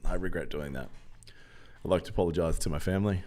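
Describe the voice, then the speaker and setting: A man's voice: sits low, fast, dark tone. A young Australian man streaming a mobile game, joking loosely with viewers and answering the chat as he plays. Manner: jokey, loose banter, reads out chat and answers.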